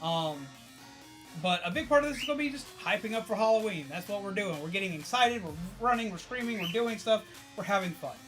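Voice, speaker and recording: A high, bright male voice chatting away to his stream audience. He is excitable and a bit tired, swears freely and breaks into laughs as he rambles. Faint music hums behind him. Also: a little fast. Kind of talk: casual chat to viewers.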